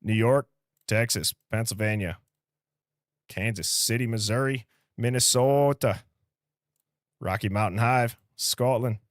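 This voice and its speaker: A Midwestern American man with a medium-pitched voice hosts a livestream, casually greeting viewers and reading their comments. He's upbeat and chatty, tossing out quick shout-outs with light laughs. The recording is dry and studio quality.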